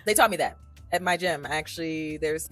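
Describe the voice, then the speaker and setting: A young adult woman with a deep voice talks casually in a language-learning vlog while faint music plays behind her. She's lively and talkative, laughs a lot, and briefly mimics voices when she quotes people.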